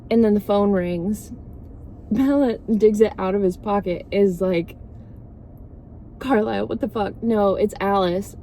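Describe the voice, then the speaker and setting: A woman's voice: medium pitch, a little slow, mellow, slight background noise. A woman vlogger rambling through a sarcastic, swear-filled casual movie recap.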